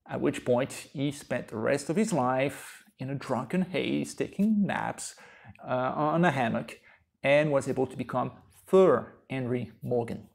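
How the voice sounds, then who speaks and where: A man, a history professor, giving a recorded lecture and telling stories lively, with rhetorical questions. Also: medium pitch, creaky.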